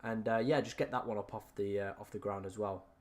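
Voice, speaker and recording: A young man, his voice raspy and strained after hours of live streaming. He rambles and corrects himself as he chats to his viewers from home. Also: lowish voice, steady tone, a little fast. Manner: rambling, self-correcting, talks to chat. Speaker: fantasy football streamer. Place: room at home.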